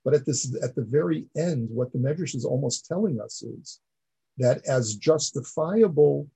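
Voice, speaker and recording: Male teacher, mellow and slightly husky, earnest lecturing delivery. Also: medium pitch, poor audio. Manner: earnest explaining, repeats words while building a point. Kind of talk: classroom lecture.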